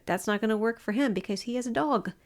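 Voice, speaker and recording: A woman co-hosting a podcast, sarcastic and quick to argue. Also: fairly high pitch. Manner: sarcastic, argumentative. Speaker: podcast co-host. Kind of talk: casual chat.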